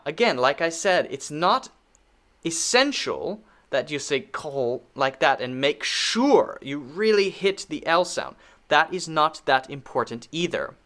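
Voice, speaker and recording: Bright-voiced man teaching pronunciation. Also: a little high. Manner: demonstrates words by repeating them slowly; patient, frequent checking "okay?". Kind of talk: pronunciation lesson.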